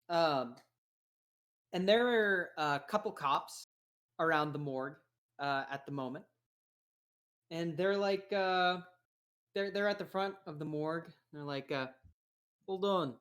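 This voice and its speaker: Low-voiced woman running a tabletop game. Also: a bit bright. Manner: loose, filler-heavy narration. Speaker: game master.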